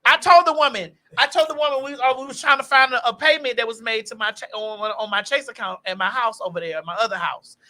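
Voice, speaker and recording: A woman hosting a casual chat, telling stories in a brash, profane, animated way. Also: fairly high pitch, fast, few pauses. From Florida. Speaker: host.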